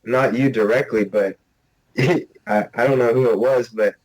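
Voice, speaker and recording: A man in a casual podcast conversation, relaxed, laughing along and giving short agreeing replies. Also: mid-range voice, measured pace, low-quality recording. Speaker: podcast co-host. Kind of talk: casual chat.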